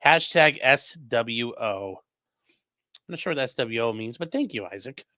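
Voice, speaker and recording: A man's voice: mid-range voice, animated, unhurried, sharp tone, dry recording, clean studio sound. A man who is a defense attorney, casually commenting on a livestream and reading chat messages aloud in a loose, profane way.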